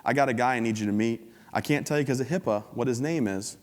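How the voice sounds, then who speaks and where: A fast-talking American man in his thirties gives an upbeat, joking motivational keynote to an audience from a conference hall stage. His medium-pitched voice acts out little scenes and characters, carried by long hall reverb.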